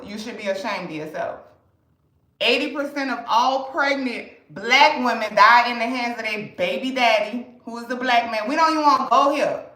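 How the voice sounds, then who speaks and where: A slightly high, bright woman's voice with a forceful tone, captured in a reverberant, poor-quality recording. She sells to customers on a livestream, a New Orleans native with the accent to match, and her casual chatter is blunt, talkative, and packed with swearing.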